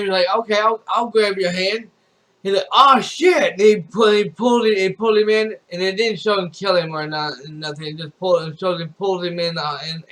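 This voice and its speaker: A man with a fairly high-pitched speaking voice recaps a movie scene by scene for his stream. He talks in loose, looping sentences, repeating himself and tossing in "you know" as he goes. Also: a bit bright. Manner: rambling retelling full of repeats and "you know". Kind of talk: casual spoken movie recap.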